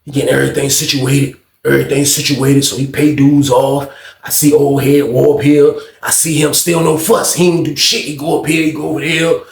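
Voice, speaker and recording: Man, casual storytime, high-pitched voice, lively and profane, echoey room. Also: a little fast, gravelly. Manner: animated, acts out shouted quotes in a raised voice; heavy profanity and slang. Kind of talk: casual storytime about prison.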